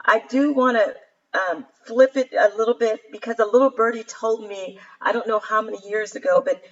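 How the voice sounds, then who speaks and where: Co-host lady, high voice, bit hesitant, muffled dull sound. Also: steady tone, normal speed. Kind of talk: interview question.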